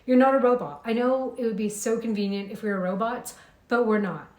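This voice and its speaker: A young adult woman giving a lively, conversational coaching talk, acting out inner thoughts as she goes. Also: a little high, a little fast. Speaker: mindset coach. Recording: roomy echo.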